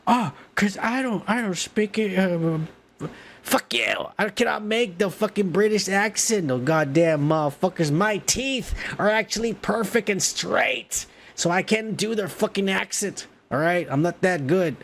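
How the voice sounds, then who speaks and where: Dude doing a snooty british tv host guy, pompous, kinda high, gravelly and slow. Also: animated, a bit bright, exaggerated voice. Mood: mocking. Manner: mocking, profane. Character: pompous middle-aged British male TV host.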